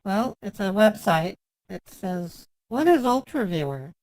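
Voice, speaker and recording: A man's voice: high voice, very animated, a little slow, creaky, a little mellow, no echo, exaggerated voice. A man putting on the voice of a fussy, prim woman in her thirties for a prank phone call, chatty and nitpicking with mock flirting. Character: fussy, prim 36-year-old woman customer. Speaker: scambaiter.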